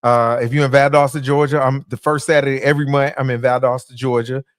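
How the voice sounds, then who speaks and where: A man's voice: mid-range voice, flat delivery, fast talker, clear, resonant tone, dry recording, studio quality. A man, a comedian guest chatting casually on a podcast with lots of fillers and jokes. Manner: laid-back, joking, many fillers.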